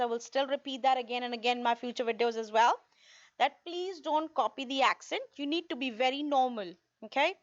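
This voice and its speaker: A woman's voice: sits high, fairly bright tone. A woman teaching an online test-prep lesson, explaining tips and often checking in with "okay?". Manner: repeats points, checks in with "okay?". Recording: dull lo-fi recording.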